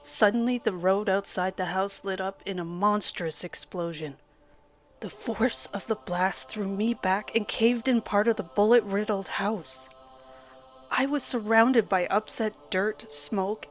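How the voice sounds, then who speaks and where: A woman narrating a first-person horror story in a dramatic, measured storytelling manner. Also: mid-range voice. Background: soft background music.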